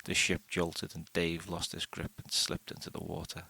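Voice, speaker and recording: A man reading a first-person short story aloud in a steady, unhurried way. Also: low-pitched, gravelly, husky. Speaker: audiobook narrator.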